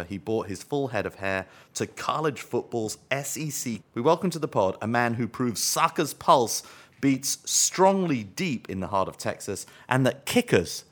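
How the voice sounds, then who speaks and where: A man hosts a podcast and reads listener letters aloud with dry, wry humor. His voice sits on the low side, and he laughs easily between lines. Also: a bit bright. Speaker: podcast host. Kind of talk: casual banter and reading listener mail.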